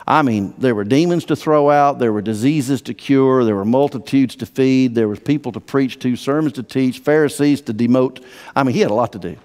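A man preaching a sermon as pastor, emphatic and swinging from hushed to loud. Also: medium pitch, brisk. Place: church sanctuary. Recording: long church-hall reverb.

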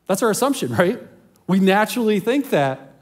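A pastor preaching to his congregation, a man whose voice sits a little higher than most. He retells the story in a relaxed, conversational way, dropping in asides and small chuckles. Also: normal speed. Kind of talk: sermon.

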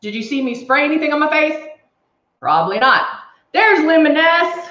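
A woman's voice: high-pitched, animated, moderate pace, sharp tone. A woman doing a casual live makeup tutorial, chatting through each step and reading comments from viewers. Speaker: makeup demonstrator on a livestream. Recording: echoey room, slightly dull sound.

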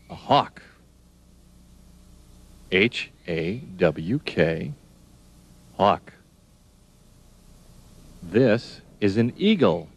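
A man's voice: deep voice, a little mellow. A man teaching young children animal names, spelling words out letter by letter and asking the listener questions.

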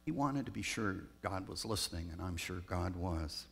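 A man, a pastor raised in Southern California, telling personal stories in a reflective sermon with pauses. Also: low-pitched, lively intonation, creaky, a bit bright, slightly rough. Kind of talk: storytelling sermon.

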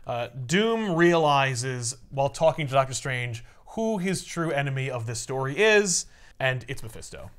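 A man casually recapping a comic story, animated and acting out the characters. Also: mid-range voice, unhurried, clear, resonant tone.

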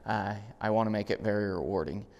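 A man's voice: fast, in a large hall. A man demonstrating dog training indoors, explaining casually and calling out upbeat commands to his dog. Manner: relaxed explaining, bursts into high, loud, upbeat dog commands. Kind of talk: casual instructional talk. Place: indoors in a house.

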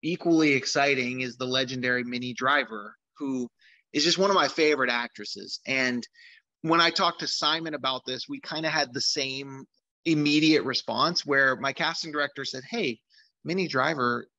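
A man's voice: medium pitch, moderate pace, sharp tone, no room sound, muffled recording. A man who makes films, speaking casually and eagerly in a recorded video, rambling with lots of fillers. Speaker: filmmaker.

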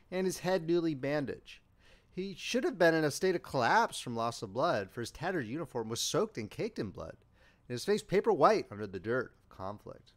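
A man reading an audiobook as narrator in dramatic, expressive storytelling. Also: mid-range voice. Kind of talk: scripted narration.

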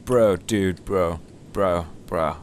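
A young man chatting casually while playing a game, joking and bantering with sudden excited squeals. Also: deep voice, extremely slow. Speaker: co-host gamer. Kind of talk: casual gaming chat.

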